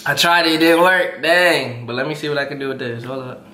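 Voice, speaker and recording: A man's voice: mid-range voice, steady tone, a little fast, bright, forceful tone, a little hiss or hum. A man hosting a casual eating vlog, chatting between bites and laughing often. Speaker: mukbang host. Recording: roomy echoey room.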